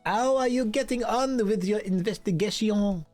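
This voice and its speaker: Man putting on a high, polite museum curator. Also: normal speed, darkish tone, soft background music, natural voice. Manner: formal, welcoming, exaggerated. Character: polite male museum curator with shifting put-on accent.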